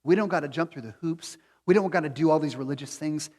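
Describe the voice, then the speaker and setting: A man preaching a sermon as pastor, moving between quiet reflection and loud, pleading appeals. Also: a little high, fast talker, in a large hall. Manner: swings from hushed to near-shouting pleading. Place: church sanctuary.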